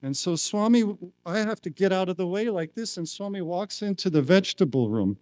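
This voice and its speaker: A man speaking at a spiritual retreat, telling a personal story slowly and acting out the quoted lines. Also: high-pitched, animated, a little mellow, no room sound. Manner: slow, acts out quoted lines. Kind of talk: storytelling talk. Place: retreat hall.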